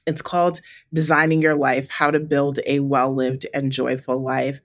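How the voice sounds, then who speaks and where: A woman's voice: very deep voice, flat delivery, normal speed. Woman telling a reflective personal story. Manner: reflective storytelling, heavy use of "like" and "you know". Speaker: podcast co-host. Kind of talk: casual chat.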